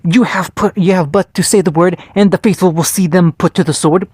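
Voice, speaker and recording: A man's voice: high-pitched, fairly even intonation, brisk, darkish tone, husky, dry recording, studio quality. A man reading the part of a fawning, formal male cult follower in a storybook-style fan fiction reading.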